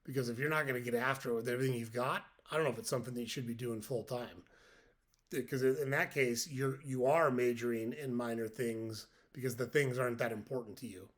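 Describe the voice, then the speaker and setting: A man's voice: medium pitch, fairly even intonation, a little fast. A man in his fifties hosts a podcast and speaks straight to his listeners in an earnest, direct manner. He drives his points home by repeating them. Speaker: podcast host. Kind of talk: motivational monologue.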